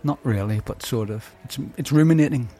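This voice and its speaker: A man's voice: medium pitch, fairly quick, dark tone. A man co-hosting a podcast who chats in a rambling, hesitant, joking way. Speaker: podcast co-host. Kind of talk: casual chat.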